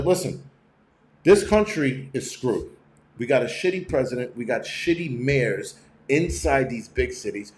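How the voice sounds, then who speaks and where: A man talking casually to his viewers, swearing freely and restarting sentences as he tells his stories. His voice sits at an everyday middle pitch. The sound carries the echo of a bare room. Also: darkish tone. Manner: profane, rambling storytelling with many restarts. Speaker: channel host. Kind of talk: casual live-stream rant.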